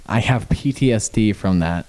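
A man's voice: on the low side, normal speed, a little mellow, low-quality recording. A teenage boy co-hosting a casual podcast chat in a garage, rambling and giggly, often restarting his sentences. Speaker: podcast co-host. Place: hot home garage.

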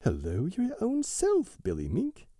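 Narrator as a playful young muskrat, high and friendly. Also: male voice, huge pitch swings, moderate pace, vocal fry, dark tone, no echo, clean studio sound, heavily acted.

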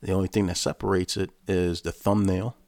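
Deep gravelly man ranting on a podcast. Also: level tone, a little fast, a little mellow, no echo, clean studio sound. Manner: profane, blunt, ranting. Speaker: podcast host. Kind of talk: casual solo podcast rant.

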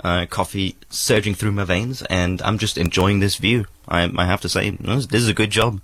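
A man's voice: low voice, steady tone, moderate pace, a bit bright, dry recording. A man presenting a casual breakfast radio show from a festival studio, chatty and rambling with restarts.

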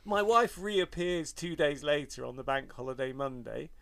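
A man's voice: fairly high pitch, expressive, moderate pace, gravelly, a bit bright. A middle-aged man, a podcast co-host, telling stories in a wry, self-mocking way and swearing freely in casual chat.

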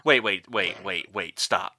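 A man co-hosting a podcast in casual comedic chat, excitable and profane, with big exclamations. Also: low voice, measured pace. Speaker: podcast co-host.

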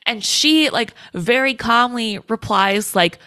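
A woman's voice: on the high side, lively intonation, takes it slowly, few pauses, bright, forceful tone, dry recording. A woman co-hosting a podcast in casual chat, blunt and outraged, swearing freely. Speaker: podcast co-host.

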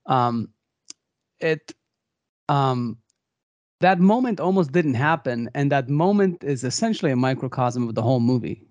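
A man co-hosting a movie podcast, telling a behind-the-scenes story in a rambling, animated way with many restarts. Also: medium pitch, unhurried, pauses often, dry recording. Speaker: podcast co-host. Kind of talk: casual movie discussion.

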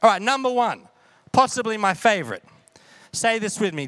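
High-voiced man preaching casually. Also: very animated, normal speed, a bit bright. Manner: conversational, asks the audience questions. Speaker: pastor. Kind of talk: sermon.

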